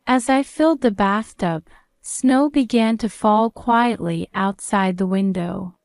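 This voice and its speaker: Slow, calm woman narrating a story. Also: medium pitch, clear, resonant tone, no echo, studio quality. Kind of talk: first-person story narration.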